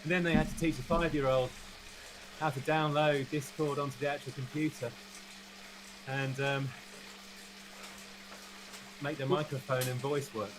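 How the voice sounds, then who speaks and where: A man's voice: on the high side, flat delivery, moderate pace, long pauses, background noise. A man co-hosting a live stream, chatting in a jokey, playful way. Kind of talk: casual chat.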